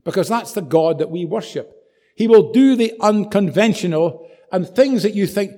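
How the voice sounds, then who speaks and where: Man, preacher, sermon, animated storytelling, dramatic emphasis, slightly high voice. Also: moderate pace.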